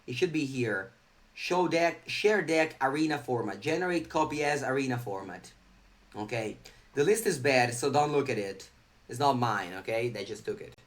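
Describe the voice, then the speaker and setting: A man's voice: mid-range voice, lively intonation, moderate pace. A young man chatting live on a game stream, reading viewer chat aloud and answering it.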